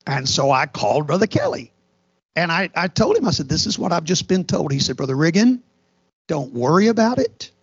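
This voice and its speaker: A middle-aged man preaches with a high, husky voice full of gravelly fry. He tells his story earnestly and often restarts his sentences. The recording sounds dull and lo-fi. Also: very animated, brisk. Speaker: pastor. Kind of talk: sermon.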